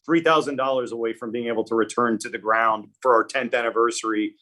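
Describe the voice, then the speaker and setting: A man's voice: mid-range voice, fairly even intonation, quick pace, sharp tone. A man hosting a festival Q&A stream, casual and joking, swearing freely. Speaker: festival host. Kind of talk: casual live-stream chat.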